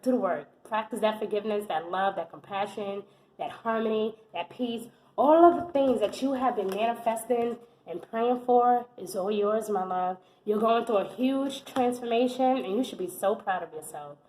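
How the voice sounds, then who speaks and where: A young American woman with a fairly high voice gives a casual tarot reading to her viewers. She talks in an animated, exclamatory way and keeps repeating her phrases. The sound bounces around an echoey room. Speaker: tarot reader.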